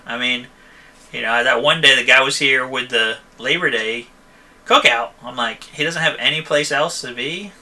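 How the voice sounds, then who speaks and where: A man with a sharp, very bright voice, set a little high for a man, chatting casually on a live stream. He rambles through stories from his repair shop and keeps checking in with listeners. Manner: chatty, rambling, frequent "okay?" and "you know". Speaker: host answering viewer questions; van repair shop owner.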